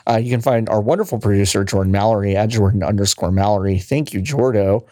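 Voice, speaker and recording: A man's voice: fairly low pitch, fast, mellow, no echo. Casual man hosting a podcast, dry sound. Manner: rambling, filler-heavy, playful teasing. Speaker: podcast host. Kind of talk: casual podcast sign-off chat.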